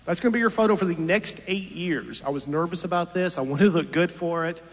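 A man in his fifties performs stand-up on a theater stage, telling dry, self-deprecating stories. His voice is on the high side and a little quick. The big venue gives a long hall reverb.

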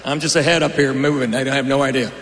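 Comedian on stage, echoey hall. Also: male voice, medium pitch, steady tone, quick pace, a bit bright. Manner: dry, conversational storytelling with asides to the crowd. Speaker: stand-up comedian. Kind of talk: stand-up comedy set. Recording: roomy hall reverb, faint noise.

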